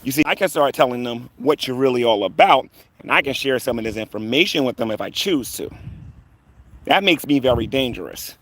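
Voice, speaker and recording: A man's voice: medium pitch, animated, a little fast, fairly bright tone, no room sound. Man ranting combatively on a live stream. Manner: combative and taunting, rambling with fillers. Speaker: online commentator on a live stream.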